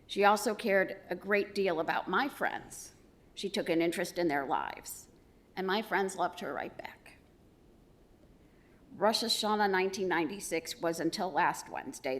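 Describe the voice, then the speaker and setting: Middle-aged woman doing a eulogy for her mom, lowish voice, funny little stories. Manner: warm storytelling with gentle humor. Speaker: daughter giving a eulogy. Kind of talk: funeral eulogy.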